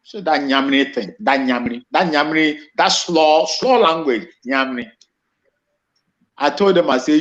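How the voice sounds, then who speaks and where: A man's voice: a little high, unhurried, fairly bright tone. A man with a Nigerian accent giving an impassioned monologue, emphatic and repetitive, often restarting his phrases. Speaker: commentator. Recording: dull lo-fi recording.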